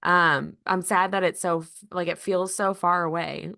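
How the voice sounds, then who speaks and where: A woman hosts a podcast and puts questions to her guest in a friendly, encouraging tone. Her voice sits slightly low, and the recording is dry and close. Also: steady tone, normal speed, gravelly, sharp tone, no room sound. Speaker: podcast host. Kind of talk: casual interview chat.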